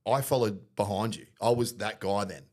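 A man's voice: on the low side, moderate pace, darkish tone. A man in casual podcast chat, reflective, steering the conversation with his co-host.

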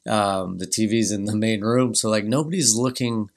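A man in his thirties hosting a podcast, telling a personal family story in a halting way with many restarts. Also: lowish voice. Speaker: podcast host.

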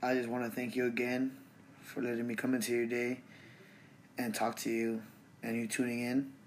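A young man hosting a solo podcast, talking in a relaxed, slangy way as he rants about his day. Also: mid-range voice, normal speed, slight background noise. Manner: relaxed, slangy and ranting, full of fillers. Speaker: podcast host. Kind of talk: casual solo podcast monologue.

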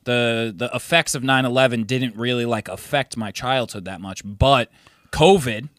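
A man's voice: medium pitch, normal speed, fairly bright tone, no room sound, clean studio sound. A young man co-hosting a podcast, talking in a jokey, easygoing way. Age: young adult. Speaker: podcast co-host. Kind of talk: casual podcast chat.

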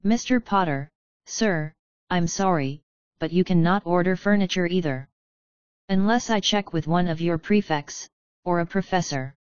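A woman voicing a nervous, eager-to-please male house-elf who speaks slowly and timidly. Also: lowish voice, dry recording, dull audio, lightly acted. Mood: apologetic. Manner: timid, apologetic, slow speech.

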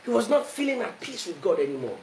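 A male pastor preaching with a high, lively voice that swings wide in pitch. He acts out the characters of the story and builds to shouts. The sound is roomy with a faint hiss underneath. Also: fast. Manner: animated preaching, acting out Bible figures, rising to shouts. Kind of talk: sermon.

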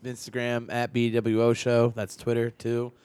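A young man runs a loose, profane podcast chat, trading jokes with a friend. His voice sits at an ordinary pitch and is recorded close and dry on a studio mic. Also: monotone, moderate pace, a little mellow, smooth, no room sound. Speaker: podcast host.

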